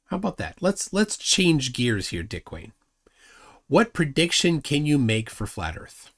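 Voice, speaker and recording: A man's voice: a little high, very animated, moderate pace, a bit bright. A man hosting a live stream, arguing combatively and mocking his opponent while reading chat comments aloud. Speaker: livestream host.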